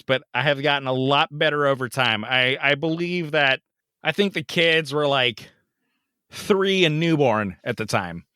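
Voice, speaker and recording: A man in his thirties co-hosting a podcast, telling a story in casual chat, animated and swearing often, jumping into loud, high voices when he quotes people. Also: clean tone, no echo, studio quality. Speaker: podcast co-host.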